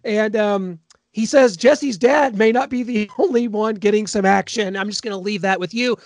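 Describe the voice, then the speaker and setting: A man with a high voice hosts a podcast in a chatty, laughing way, full of little ums. He sounds close to the mic in a dry space with no room echo. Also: moderate pace. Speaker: podcast host. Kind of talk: casual chat recapping a TV episode.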